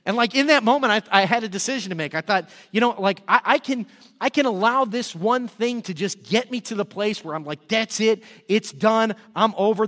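A middle-aged man, a pastor, telling a story in a sermon in a casual, lively way and acting out scenes. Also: high-pitched. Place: church sanctuary. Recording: long hall reverb.

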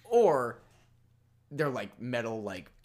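Lively, laughing male podcast co-host. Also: mid-range voice, slow. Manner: animated, laughs often. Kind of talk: casual chat.

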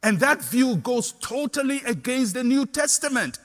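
An older Ghanaian man preaching a sermon as pastor, impassioned and rising to shouts on repeated declarations. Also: very high voice, lively intonation, moderate pace, few pauses, in a large hall.

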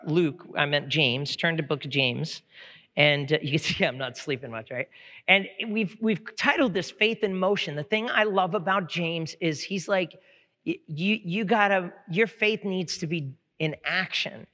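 Bright-voiced preacher in a reverberant hall. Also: male voice, on the high side. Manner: conversational, rising to fervent exhortation. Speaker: pastor. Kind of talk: sermon. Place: church sanctuary. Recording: long church hall reverb.

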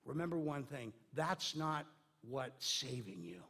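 A man's voice: mid-range voice, expressive, a little slow, a bit bright, breathy edge. A man preaching a sermon in a conversational way, with many fillers and restarts. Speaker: pastor.

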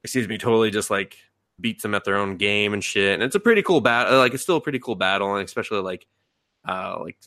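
A man co-hosting a podcast, recapping a show in loose, profane chat and jumping into quick voices for the characters. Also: on the low side, sharp tone, no room sound, studio quality. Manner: profane, rambling, acts out quotes in sudden voices. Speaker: podcast co-host. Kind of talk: casual anime recap chat.

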